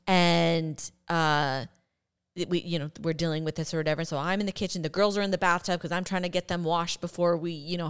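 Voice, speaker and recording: A woman co-hosts a casual podcast beside her husband, supportive and chiming in to finish his sentences. Her voice sits low for a woman and sounds smooth and resonant. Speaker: podcast co-host. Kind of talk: casual personal testimony.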